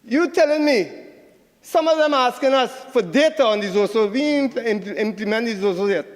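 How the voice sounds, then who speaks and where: Trinidadian guy in senate debate, real high voice, fiery and repeating himself, long echo of the chamber. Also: moderate pace. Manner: combative, rhetorical, repeats phrases for emphasis. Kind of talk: parliamentary debate speech.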